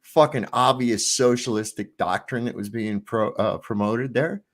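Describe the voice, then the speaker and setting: A man talks in a loose, rambling way, swearing freely as he goes. His voice sits at an ordinary middle pitch. It sounds like an easygoing chat among friends. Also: normal speed. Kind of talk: casual chat, joke telling.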